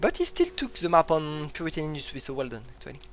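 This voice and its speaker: An esports caster giving live play-by-play commentary in non-native English, excitable and prone to sudden loud exclamations. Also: mid-range voice, fast, soft background music. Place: broadcast booth.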